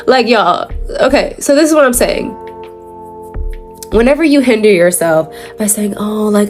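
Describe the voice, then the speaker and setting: A young adult woman chatting casually while doing her makeup, rambling with lots of fillers and self-corrections, slangy and quick to laugh. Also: medium pitch, soft background music. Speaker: makeup vlogger.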